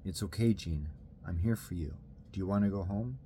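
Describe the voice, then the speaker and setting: A man voicing an unseen presence in the dark with a low, spellbinding, haunting voice, soothing and coaxing. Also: normal speed, a little hiss or hum, close to an everyday voice.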